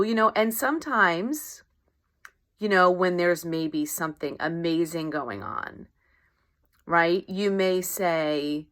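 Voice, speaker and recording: Her voice is lowish and a bit bright, and she takes her time. As a life coach she offers a casual, conversational pep talk, acting out everyday dialogue and asking "right?" again and again.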